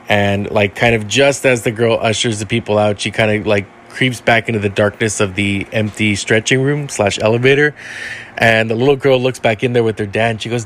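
Man telling a ghost story casually. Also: on the low side. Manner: rambling, lots of fillers and "like". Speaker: guest storyteller.

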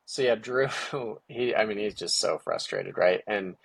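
A man's voice: fairly low pitch, measured pace, vocal fry, slightly rough, no room sound. A middle-aged man, a guest on an interview show, telling a story casually and animatedly, acting out quotes, with many fillers. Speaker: guest, entrepreneur and parent.

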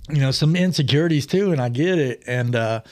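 A man's voice: medium pitch, expressive, fairly quick, a little mellow. A man in his forties, a podcast guest, telling his story in a casual, rambling way and often laughing mid-story, recorded in a studio.

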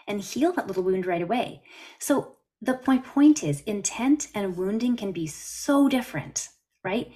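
A woman's voice: mid-range voice, expressive, moderate pace, dark tone. A woman from Canada, a therapist, talking earnestly on a podcast interview over a video call. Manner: earnest, explanatory, story-telling. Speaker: therapist guest.

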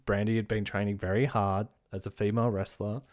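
A man's voice: on the low side, little pitch movement, fairly quick, darkish tone. A man hosting a podcast, giving blunt, rambling opinions with frequent swearing and restarts. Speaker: podcast host. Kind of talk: casual opinion commentary.

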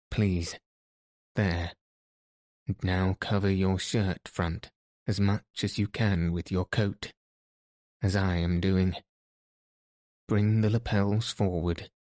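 Grave Persian guide, low mellow voice, measured, read by a man. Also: dry recording, clean studio sound. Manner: measured, cautious, mournful.

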